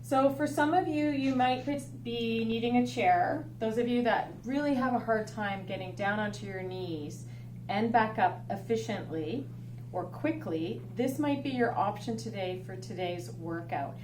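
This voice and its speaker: A woman fitness instructor giving clear step-by-step coaching cues for a home workout. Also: a little high, measured pace, distant mic. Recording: roomy echo, off-mic, faint hum.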